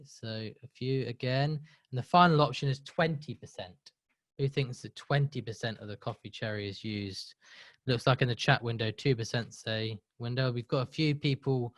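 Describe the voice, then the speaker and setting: A man's voice: mid-range voice, dry recording. A man hosting a live webinar, upbeat and chatty, running a quiz with the audience. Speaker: webinar host.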